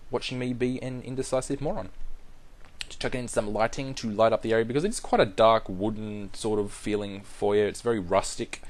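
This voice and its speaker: A young man casually narrating a game build in voice-over, rambling and self-deprecating with lots of ums and restarts. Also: on the low side. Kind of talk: casual voice-over commentary over gameplay.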